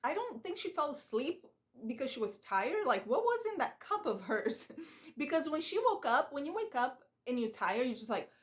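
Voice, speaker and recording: A woman's voice: high-pitched, big pitch swings, normal speed. A woman giving a chatty, opinionated recap of a reality show, acting out the people she talks about. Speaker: reaction vlogger. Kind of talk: casual recap commentary.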